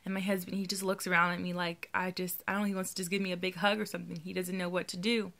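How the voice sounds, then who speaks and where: A young woman talks candidly to her viewers in a personal video diary. Her voice sits fairly low but comes across bright and forward. A gravelly fry runs under her earnest delivery. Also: level tone, quick pace. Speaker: vlogger.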